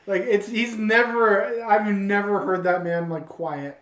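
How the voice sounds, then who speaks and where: Woman, podcast co-host, casual chat, giggly, slow, roomy echo. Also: mid-range voice, steady tone, far from the mic. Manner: giggly, bursts into loud impressions. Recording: echoey room, off-mic.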